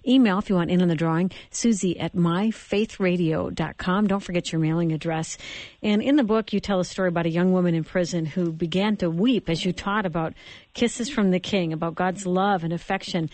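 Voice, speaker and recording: A woman hosting a Christian radio talk show, interviewing an author with gentle, affirming murmurs. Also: lowish voice, a little fast, no room sound. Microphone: studio microphone.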